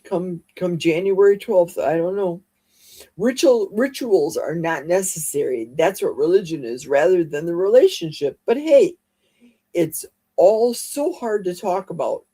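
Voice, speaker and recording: Husky, warm-voiced woman livestreaming. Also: lowish voice. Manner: chatty, exclamatory, reads viewer comments aloud. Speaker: livestream host. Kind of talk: casual livestream chat. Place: home livestream.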